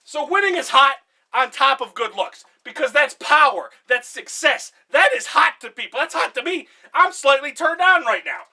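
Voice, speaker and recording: A young man giving a mock-serious comedic presentation, passionate and out of breath, bursting into shouts. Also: very high voice, expressive, normal speed.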